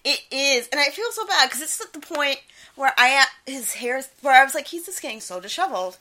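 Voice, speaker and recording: A young woman co-hosts a laid-back podcast. Her voice sits a little high with a bright, forward tone. She giggles often and throws herself into acted-out quotes. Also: brisk. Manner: giggly, animated, breaks into loud quoted yelling. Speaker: podcast co-host. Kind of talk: casual podcast chat.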